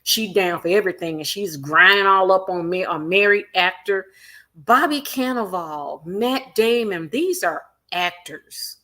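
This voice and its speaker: A woman hosting a celebrity gossip livestream, animated and emphatic, repeating her points and reading viewer comments aloud. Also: medium pitch, measured pace. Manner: animated, acts out quotes in other voices, reads viewer comments aloud; emphatic repetition.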